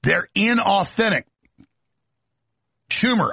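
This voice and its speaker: A man's voice: high-pitched, expressive, vocal fry, pushed and bright, breathy edge, dry recording. A man hosting a talk show, delivering an emphatic, mocking ranting monologue. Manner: emphatic, rapid-fire, mocking.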